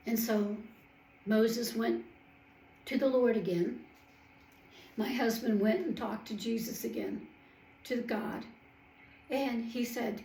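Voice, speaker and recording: A woman with a fairly high voice tells a Bible story in character as a first-hand witness. She speaks slowly and emphatically and acts out the quoted voices. The recording sounds roomy, with the mic some distance away. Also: warm tone.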